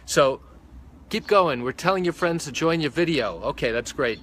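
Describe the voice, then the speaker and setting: A man's voice: on the high side, lively intonation, moderate pace, fairly bright tone, a little hiss or hum. A man, a malpractice lawyer, explaining a legal point on a live stream, counting off points one by one, into a phone held close. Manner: methodical, counts points off by number.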